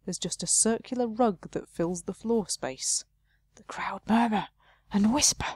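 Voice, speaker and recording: A woman's voice: medium pitch, a little slow, a little mellow, husky, no echo, studio quality. A woman playing a game, chatting casually and reading the game text aloud, often laughing at herself. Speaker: let's play host.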